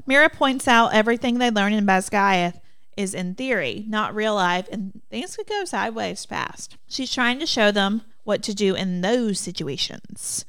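A woman co-hosts a casual book podcast. She recaps chapters, reads passages aloud and drops chatty asides. Her voice is smooth and clear, recorded close and dry. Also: medium pitch, fairly bright tone, no echo. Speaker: podcast co-host.

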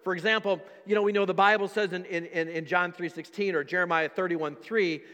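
A man's voice: high-pitched, brisk, hardly any pauses, sharp tone, big-room sound. A man, a pastor, preaching a dynamic sermon and calling out to his congregation as church.

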